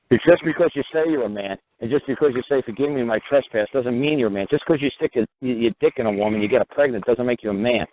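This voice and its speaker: A man's voice: mid-range voice, fast talker, few pauses, slight background noise. A man hosting a radio talk show, talking in a rambling, profane monologue that keeps coming back to "you know what". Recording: tinny phone-line sound.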